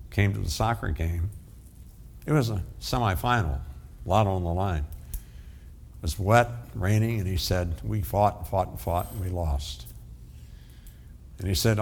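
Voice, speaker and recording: Older male pastor, low unhurried voice, earnest sermon delivery with long pauses. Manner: slow, earnest preaching with dramatic pauses.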